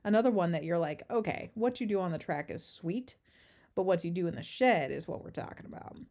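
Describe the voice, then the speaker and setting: A woman's voice: on the low side, lively intonation, brisk, a little mellow. Chatty woman hosting a race stream. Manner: chatty, talks to chat, asides and laughs. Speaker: race caller and host. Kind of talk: casual livestream race preview. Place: relative's house, indoors. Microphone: no headset, makeshift setup.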